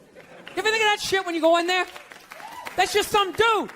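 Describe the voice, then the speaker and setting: A man doing a loud, incredulous stand-up rant on stage, acting out other people's voices. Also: very high voice, fairly even intonation, normal speed. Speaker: stand-up comedian. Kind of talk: stand-up comedy set. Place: comedy venue stage before a live audience. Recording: live stage recording with crowd laughter and noise. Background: audience laughter.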